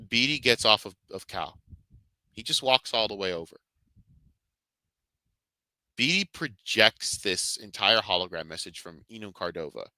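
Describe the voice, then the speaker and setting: A man's voice: lowish voice, sharp tone, no room sound, low-quality recording. A man reviewing games and shows in casual commentary, rambling and fervent, swearing heavily. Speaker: video game and Star Wars reviewer.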